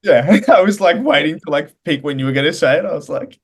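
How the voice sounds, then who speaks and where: A man's voice: on the high side, fast talker. A man co-hosting a football podcast in casual banter, teasing and laughing often. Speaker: podcast co-host.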